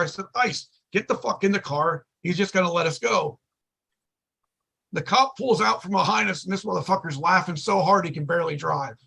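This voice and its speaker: A man's voice: high-pitched, normal speed, vocal fry, bright, forceful tone, slightly rough. A man telling a profane story in casual chat, acting out the quoted lines as he goes. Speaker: podcast guest.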